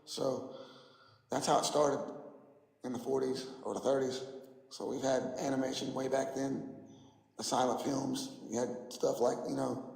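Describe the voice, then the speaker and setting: Man, gravelly worn-out voice, combative mocking rant, roomy echo. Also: mid-range voice, flat delivery, measured pace, long pauses, darkish tone. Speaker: flat earth streamer. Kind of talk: ranting livestream monologue.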